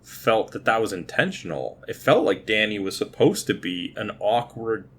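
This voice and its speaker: A man in his thirties co-hosts a podcast, talkatively reviewing movies in casual chat and restarting and repeating words as he thinks. His lowish voice has lively intonation, a moderate pace, and a slightly rough quality.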